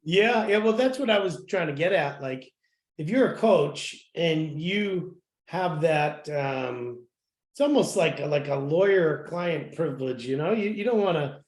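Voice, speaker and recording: A man co-hosting a podcast, explaining his point in a relaxed, plain way during a casual chat. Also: on the high side, unhurried. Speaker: podcast co-host. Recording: echoey room.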